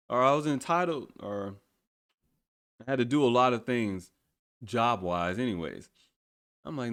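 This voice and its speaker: A man's voice: medium pitch, clear, resonant tone. A man casually recounting a story from his military days, swearing freely and acting out what people said. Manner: animated, swears freely, acts out quotes.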